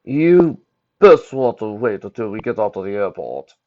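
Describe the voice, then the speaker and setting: A man voicing a loud, matter-of-fact parent. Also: fairly low pitch, big pitch swings, normal speed. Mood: advising. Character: adult parent giving travel advice. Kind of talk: fan fiction read aloud. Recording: dull lo-fi recording.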